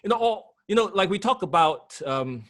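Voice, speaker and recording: A man's voice: high voice, animated, moderate pace, a bit bright. A man co-hosting a podcast, emphatic and preachy in casual discussion. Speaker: podcast co-host and radio broadcaster.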